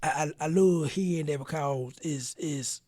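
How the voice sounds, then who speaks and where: A man hosting a podcast interview, telling a story in an animated, slangy way. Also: on the high side, unhurried, no echo. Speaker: podcast host. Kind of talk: casual interview chat.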